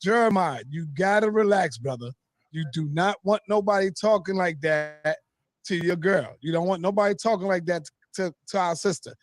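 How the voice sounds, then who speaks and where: A man moderates a heated debate, calling everyone brother and asking them to calm down. He speaks in a high voice. The recording is dry and close. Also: moderate pace, dry recording. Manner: calls everyone brother, tries to calm things down. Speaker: host and moderator. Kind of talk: moderating a live debate show.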